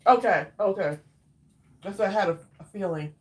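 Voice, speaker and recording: A woman hosting a casual craft livestream, chatting warmly with viewers by name and drawing out her exclamations while she eats. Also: mid-range voice, normal speed. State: eating while talking. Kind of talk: casual live chat with viewers.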